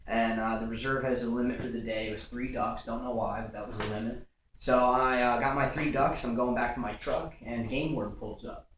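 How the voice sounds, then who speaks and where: A man's voice: mid-range voice, fairly even intonation, brisk, a bit bright, a little hiss or hum. A young man doing a stand-up routine, telling rambling stories full of fillers and restarts. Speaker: stand-up comedian. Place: comedy stage. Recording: rough, echoey club recording from far off.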